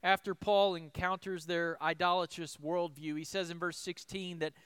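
A man preaching a sermon as pastor, asking rhetorical questions and swinging between loud emphasis and soft asides. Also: high-pitched, steady tone, moderate pace, clean tone, no room sound.

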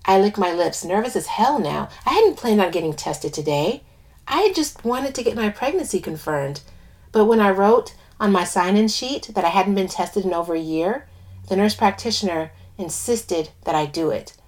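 Woman reading a story out loud in first person, mid pitch, acts out the voices. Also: moderate pace. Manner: expressive, voices the characters. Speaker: narrator.

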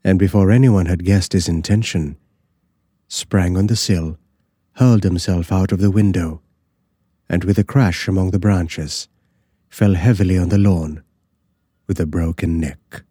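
A man slowly narrating a classic horror story in a measured, dramatic way. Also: low voice, steady tone, mellow, slightly rough, no echo, studio quality.

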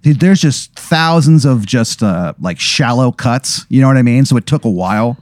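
A man's voice: mid-range voice, expressive, moderate pace, darkish tone, no room sound, clean studio sound. A man casually spinning a rambling hypothetical story, full of "like" and "you know what I mean.". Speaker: host telling a hypothetical.

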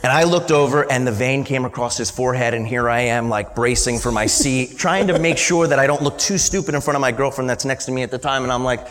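A man's voice: medium pitch, fast talker, hardly any pauses, fairly bright tone. A man in his late twenties, a business owner telling an emotional personal story at a live talk and stuttering at moments. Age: late 20s. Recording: long hall reverb from a live event.

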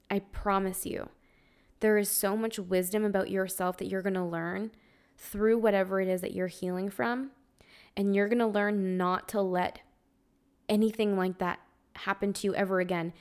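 A young woman talks straight to her listeners in a loose, heartfelt spiritual podcast monologue. Her voice sits at a middling pitch, and her talk is full of casual fillers and the occasional curse. She sounds emotional, close to tears, yet keeps talking earnestly. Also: a little mellow, smooth. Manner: earnest, conversational, heavy use of "like", occasional swearing. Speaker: podcast host.

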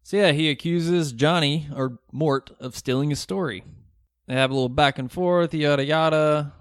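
A man's voice: fairly high pitch, moderate pace, dry recording, studio quality. Laughing man recapping a movie. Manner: laughs often, recaps plot with jokes. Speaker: podcast co-host. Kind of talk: casual movie podcast chat.

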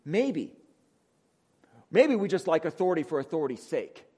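A man with a Wisconsin accent preaching a sermon as pastor, conversational, often asking "right?", moving between emphatic lines and hushed ones. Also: a little high, sing-song, moderate pace, breathy edge. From Wisconsin, USA.

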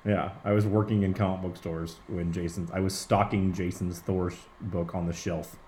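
A man speaking as a comic book writer guest in a casual interview, excitable and profane, with lots of restarts. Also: deep voice, moderate pace, a little hiss or hum. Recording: roomy echo.

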